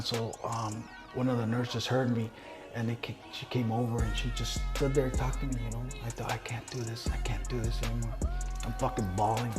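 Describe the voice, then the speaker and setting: A middle-aged man telling his story in a casual interview, blunt and heavy on swearing, acting out the people he quotes. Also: medium pitch. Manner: profane, blunt storyteller who acts out quoted dialogue.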